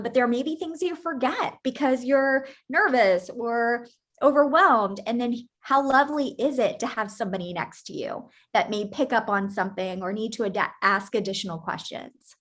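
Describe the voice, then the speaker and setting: A woman's voice: fairly high pitch, fairly bright tone. A woman who is a psychologist and a mother, chatting earnestly and repeating words for emphasis. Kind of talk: casual chat.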